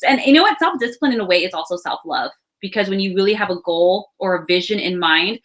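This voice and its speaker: Bright-voiced woman giving a tarot reading. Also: fairly low pitch, expressive, quick pace. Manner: chatty, reassuring, laughs and sighs between thoughts. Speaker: astrology and tarot reader. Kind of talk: casual spiritual reading.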